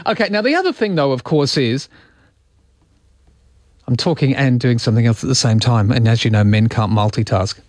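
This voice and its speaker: Welsh male radio host, casual banter, animated delivery, dry studio. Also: mid-range voice, moderate pace, long pauses, no echo. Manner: self-mocking, chatty.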